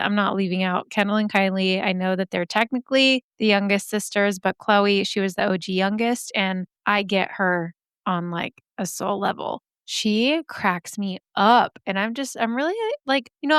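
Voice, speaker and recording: A woman's voice: mid-range voice, a bit bright, clear, resonant tone, no echo, studio quality. A young woman hosting a podcast, chatting casually in a gushing way that swears freely, her voice a little scratchy today. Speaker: podcast host. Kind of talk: casual chat.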